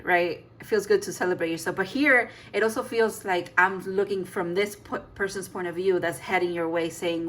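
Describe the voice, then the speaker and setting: A woman's voice: fairly low pitch, steady tone, normal speed, hardly any pauses, fairly bright tone. A woman giving a casual tarot reading, chatty and emphatic, laughing and sighing as she talks. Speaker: tarot reader.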